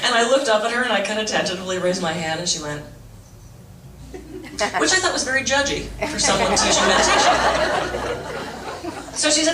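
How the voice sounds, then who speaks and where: A middle-aged woman telling funny stories at a fundraising breakfast, later leading a slow, gentle meditation. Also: medium pitch, some chatter behind, slight background noise. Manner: animated, jokey storytelling with self-mocking asides; shifts to slow, soft guided-meditation voice. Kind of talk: motivational talk on stress with humor. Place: large event room. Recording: echoey room, voice from a distance.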